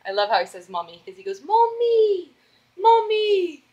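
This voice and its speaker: A woman's voice: mid-range voice, flat delivery, rapid-fire, slightly rough, highs cut off. A young woman vlogging casually at home as a mom, chatty and doting, often stopping to coax her toddler.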